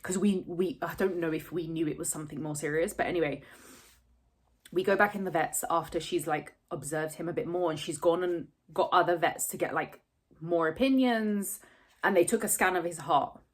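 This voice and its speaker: A woman's voice: fairly low pitch, normal speed, husky. A woman, telling a personal story to camera close to tears, candid and rambling, swearing freely. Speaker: vlogger.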